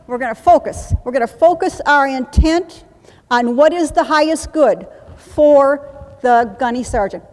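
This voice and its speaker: A woman trainer leading a live workshop demonstration, coaching briskly and chanting phrases in steady repetition. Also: high voice. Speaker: trainer teaching combat medics. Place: conference room. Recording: echoey hall from a live conference.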